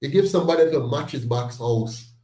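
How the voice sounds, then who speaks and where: A Jamaican man hosting a political talk, his voice mellow and dark. He speaks emphatically and breaks into loud, indignant exclamations. He sounds distant from the mic, in a roomy space. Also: mid-range voice, brisk. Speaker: host of a political discussion meeting.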